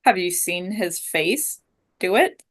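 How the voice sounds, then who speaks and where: A woman's voice: fairly low pitch, expressive, slow, a bit bright. A woman playing a tabletop game who argues in character in an earnest, persuasive way and presses with questions. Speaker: player. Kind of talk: tabletop role-play.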